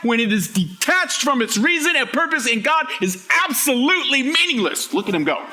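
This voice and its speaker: A male preacher with a high, ringing voice works the room in an energetic sermon. He jokes with the congregation and shouts his main points for emphasis. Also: brisk, hardly any pauses. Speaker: pastor. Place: church hall with a live congregation.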